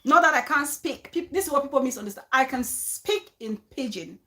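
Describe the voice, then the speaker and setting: A woman with a high voice hosts a casual commentary vlog, speaking briskly in an animated, emphatic way and repeating her key phrases. When she addresses her child, she turns soft and coaxing.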